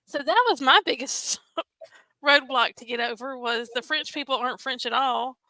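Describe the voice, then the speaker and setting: A woman co-hosting a casual podcast, wry and quick to giggle. Her voice is bright and a bit high. The sound is dry and close. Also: dry recording, low-quality recording. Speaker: podcast co-host. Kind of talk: casual movie review chat.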